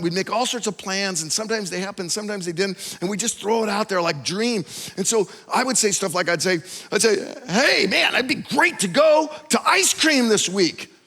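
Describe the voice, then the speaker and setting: Acting out the voices of the people he quotes, a pastor shares personal stories animatedly during a sermon. His voice is high, and his church auditorium gives it a long, hall-like reverb.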